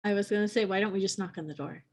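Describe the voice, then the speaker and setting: A woman playing a tabletop game, chatty and quick to laugh. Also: medium pitch. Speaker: player. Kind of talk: casual tabletop play.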